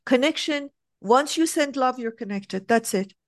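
A woman's voice: high voice, unhurried, no echo, clean studio sound. A woman teaching a spiritual class, talking emphatically and acting out examples in different voices. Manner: animated, emphatic, acts out examples.

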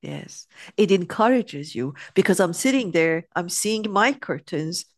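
A woman's voice: lowish voice, animated, unhurried, no room sound. A middle-aged woman talks in a reflective, storytelling way, now and then lifting her voice sharply to play out the people in her anecdotes. The recording is close and dry, with no room sound around her voice. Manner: reflective, acts out quoted voices animatedly. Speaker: guest sharing spiritual reflections. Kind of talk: conversational storytelling.

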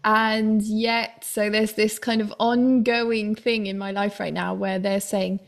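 A woman's voice: medium pitch, takes it slowly, vocal fry. Woman animatedly telling stories. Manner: animated storytelling with laughs and exclamations. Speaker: single mother in a dance class. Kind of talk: casual chat.

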